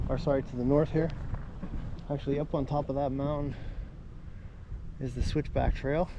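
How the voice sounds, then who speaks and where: A man out of breath giving a relaxed, chatty campsite tour outdoors, with plenty of ums. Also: mid-range voice. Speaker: camping vlogger. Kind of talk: casual walking tour narration. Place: windy mountaintop campground outdoors. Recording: loud wind noise outdoors.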